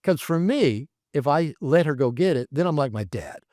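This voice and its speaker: A man, a therapist and author, telling stories in a casual interview, rambling and animated with many fillers. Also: fairly high pitch, normal speed, no echo, clean studio sound. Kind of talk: casual conversational storytelling. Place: his home.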